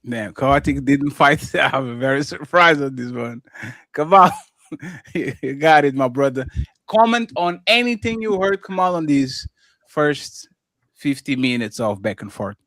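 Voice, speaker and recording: A man's voice: medium pitch, animated, measured pace, fairly bright tone, no room sound. A man hosting a live online debate stream, laughing easily and passing the floor between speakers. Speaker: livestream host and moderator. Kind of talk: casual livestream debate moderation.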